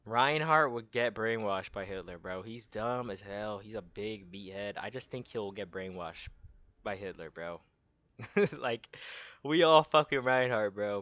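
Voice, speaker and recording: Rambling, slangy young man, low voice. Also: fairly bright tone, no room sound. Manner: rambling, slangy, says bro a lot. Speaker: content creator. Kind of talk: casual commentary.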